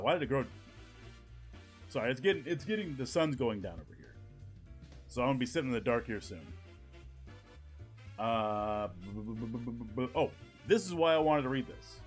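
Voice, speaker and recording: A man's voice: medium pitch, expressive, normal speed, pauses often, soft background music. A man streaming from home, chatting casually with viewers, joking, swearing and laughing often. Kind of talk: casual live-stream chat reacting to viewers. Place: home at evening.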